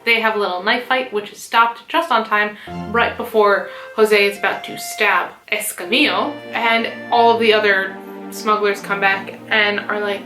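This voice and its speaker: A woman's voice: mid-range voice, fairly even intonation, moderate pace, bright, forceful tone. Chatty young woman summarizing a plot. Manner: chatty, with many fillers and asides. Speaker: mezzo-soprano explaining an opera. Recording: roomy room with background music.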